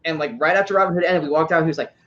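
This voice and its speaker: Rambling man with a high-ish voice. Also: very fast, fairly bright tone. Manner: rambling, repeats words, laughs through stories. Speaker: podcast host. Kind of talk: casual review chat. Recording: dull sound with faint background noise.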